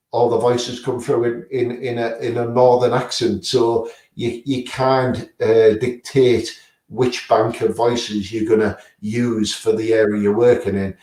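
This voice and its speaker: A man's voice: lowish voice, warm tone, distant mic. A man, a guest paranormal investigator, answering casually with many fillers and restarts. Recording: roomy sound, away from the mic.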